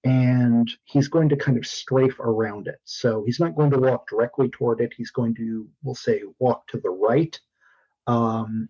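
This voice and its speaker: A man playing a tabletop game, calmly planning his character's moves aloud. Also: medium pitch, unhurried, husky. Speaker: player. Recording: dull lo-fi sound.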